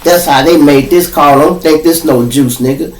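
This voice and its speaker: A man's voice: fairly high pitch, moderate pace. A man with a Chicago accent hosting a podcast, telling a profane street story and talking straight to his listeners. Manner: profane, animated, addresses listeners as y'all. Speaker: podcast host. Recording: echoey room, distant mic.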